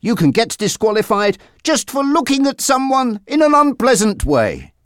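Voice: mid-range voice, very animated, moderate pace, no echo, clean studio sound, voice pushed up, close to an everyday voice. A narrator voicing a charming young motocross rider in a storybook reading.

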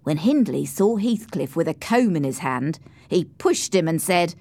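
A woman narrating a storybook in the first person, slow, clear and expressive. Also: lowish voice, no echo. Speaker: audiobook narrator.

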